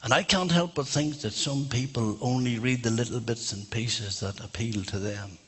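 A man's voice: medium pitch, normal speed, a bit bright. A man preaching a sermon in a church, fervent and emphatic.

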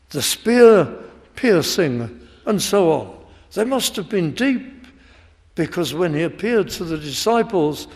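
A man's voice: high voice, darkish tone. A man preaching a sermon, emphatic and building in intensity as he speaks. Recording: long reverb of a large hall.

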